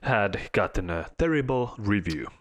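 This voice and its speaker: A man hosting a casual podcast, chatting and reading hotel reviews aloud, often halting and restarting mid-sentence. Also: on the low side, very animated, fairly bright tone. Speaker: podcast host. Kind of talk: casual chat.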